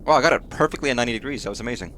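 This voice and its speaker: A man's voice: medium pitch, very fast, a bit bright, a little hiss or hum. A man streaming a game, giving casual commentary and swearing freely as he mutters startled remarks to himself.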